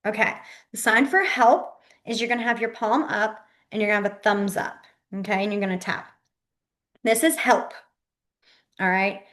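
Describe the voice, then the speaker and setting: This casual online sign language lesson is led by a young woman whose voice is medium-pitched, steady, and fairly bright, at a normal pace. She keeps it chatty and loose, often trailing off mid-demonstration.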